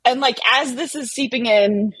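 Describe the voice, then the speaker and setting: A woman tells a story in an easy, animated way, her voice a little husky. The sound is dry and close, with no room around it. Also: a little high, moderate pace, dry recording, poor audio. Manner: animated, chatty, many fillers like "like". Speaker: podcast guest telling a story. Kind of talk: casual storytelling.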